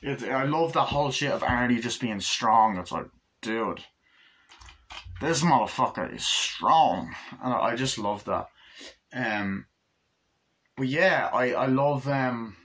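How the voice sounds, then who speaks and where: Profane rambling man, bright voice. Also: expressive, slow, long pauses. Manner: rambling, profane, acts out scenes in a higher voice. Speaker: movie reviewer. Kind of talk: casual spoken film review.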